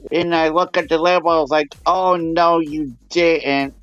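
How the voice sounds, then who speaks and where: A man with a somewhat high voice tells a long, rambling anecdote and acts out each person's lines. His audio is dull and lo-fi, and it sounds very dry, with faint music behind him. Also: flat delivery, measured pace, a bit bright, smooth, no room sound. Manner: rambling anecdotal storyteller who acts out what people said. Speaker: panel guest. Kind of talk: casual chat on a live stream.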